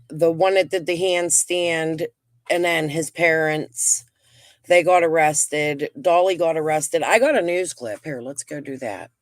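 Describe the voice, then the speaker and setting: A middle-aged woman and grandmother hosting a casual livestream, venting and telling stories in an animated way while getting over a lung infection. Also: low voice, no room sound, studio quality. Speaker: livestream host.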